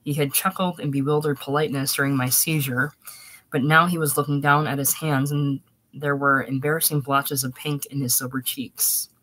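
A man's voice: medium pitch, level tone, moderate pace, pushed and bright, poor audio. A man reading a short story aloud in first-person narration, with a dry, wry storytelling manner. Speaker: audiobook reader.

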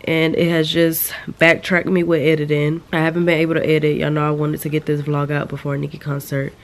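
A woman's voice: sits low, completely flat delivery, fairly quick. A young woman vlogging from home while sick with a sore throat, talking candidly and rambling to her viewers. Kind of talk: casual vlog update. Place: at home, lying down.

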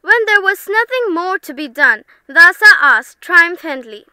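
Bright high-voiced woman narrator. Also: expressive, measured pace, slight background noise. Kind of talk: storytelling narration.

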